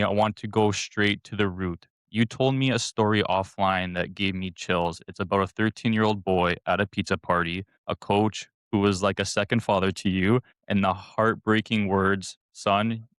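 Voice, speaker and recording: A man hosts a podcast with a very low, smooth voice. He sounds earnest and enthusiastic as he sets up his questions. The recording is dry and close. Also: fairly even intonation, normal speed, few pauses, fairly bright tone, dry recording. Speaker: podcast host. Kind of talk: scripted interview introduction.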